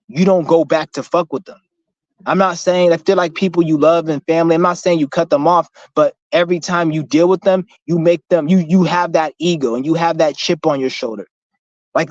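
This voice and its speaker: A young male vlogger delivers a casual motivational rant to his viewers, blunt, profane and rambling, with frequent restarts. His voice is a little high with a darkish tone, with no echo, though the lo-fi recording sounds slightly muffled.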